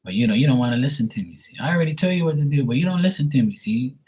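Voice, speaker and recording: A man's voice: mid-range voice, expressive, very fast, darkish tone. A man who reads tarot on a live stream, ranting bluntly and profanely to his viewers. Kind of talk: casual rant to viewers.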